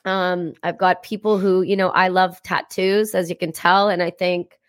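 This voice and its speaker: A woman in her thirties, a podcast guest, talking in a blunt, profane and energetic way in a casual interview. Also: on the low side, moderate pace, no echo, clean studio sound.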